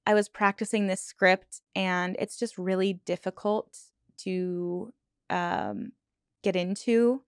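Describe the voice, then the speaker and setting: A woman hosting a true crime channel, telling a dark case in a casual, earnest way with asides and fillers, sometimes choked up. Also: mid-range voice, expressive, slow pace, clean tone, no echo, clean studio sound. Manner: earnest, emotional, choked up at times; conversational with many fillers and restarts.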